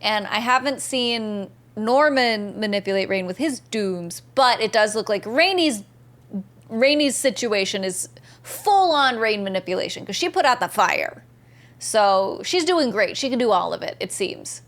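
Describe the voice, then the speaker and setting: Lady streamer, kinda high voice, reading chat and gushing back at everyone. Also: expressive, a little slow, a bit bright. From American Southeast. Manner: chatty, bubbly, reads chat messages aloud and answers viewers. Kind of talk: casual live-stream chat while gaming.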